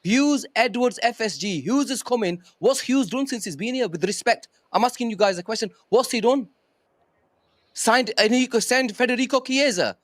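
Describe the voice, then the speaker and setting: Fired-up fan panelist, high voice, dry close sound, emphatic and swearing. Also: male voice, moderate pace, dry recording. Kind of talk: heated podcast rant.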